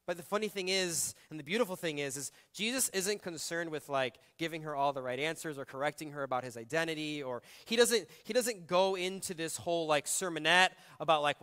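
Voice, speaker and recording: A male pastor preaches in a bright, slightly raised voice. He talks conversationally and with feeling, pressing hard on some phrases and dropping soft on others. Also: on the high side, a little fast, hardly any pauses, smooth. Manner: conversational, emotive, shifting between loud emphasis and soft reflection. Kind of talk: sermon.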